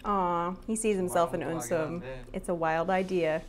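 A woman's voice: on the low side, fairly even intonation, unhurried, a crowd in the background. Chatty woman reacting to a drama. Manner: chatty, laughs often, talks back to the screen. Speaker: drama reaction channel host. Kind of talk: casual reaction commentary.

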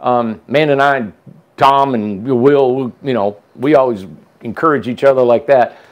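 A man's voice: medium pitch, measured pace. A man hosting a casual chat, telling a long story with restarts and asides. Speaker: host.

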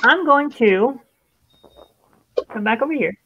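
A woman's voice: a little high, expressive, takes it slowly, noisy background. A woman hosting a live stream in a casual, chatty way, steering the group along. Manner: chatty, leads the group with frequent "all right"s. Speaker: stream host. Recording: dull lo-fi stream audio.

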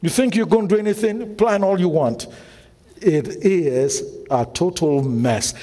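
High-pitched preacher guy, repeats lines, shouts sometimes. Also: a little slow. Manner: call-and-response preaching, quizzing the congregation; emphatic repetition, bursts of shouting. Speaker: pastor. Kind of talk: sermon. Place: church hall. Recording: long hall reverb.

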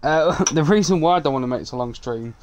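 A man's voice: fairly high pitch, lively intonation, quick pace, a little mellow, a little hiss or hum. A man rambling casually while streaming a video game, chuckling between thoughts. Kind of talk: casual gaming stream chat.

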